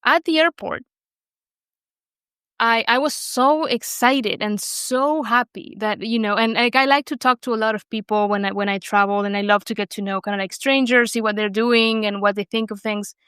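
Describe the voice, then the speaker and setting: A young woman from Argentina speaks English with a Spanish accent, her voice smooth and clear. She tells her story in an animated way, full of fillers and restarts. The sound is dry and close. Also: on the high side, normal speed, dry recording. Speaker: guest. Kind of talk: conversational interview.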